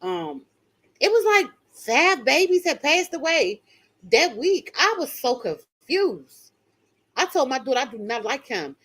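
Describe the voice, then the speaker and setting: A woman's voice: sits high, big pitch swings, a little slow, a bit bright. Emphatic woman chatting with viewers. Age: older. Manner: emphatic, talks straight to viewers with "y'all". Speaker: channel host reading viewer comments. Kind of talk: casual live-stream chat.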